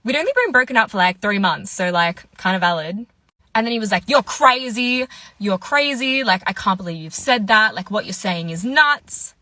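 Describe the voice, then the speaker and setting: Bright-voiced young woman telling a story. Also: medium pitch, animated, a little fast, no echo. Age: 20s. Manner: chatty, quotes people in their voices. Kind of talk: casual story time monologue.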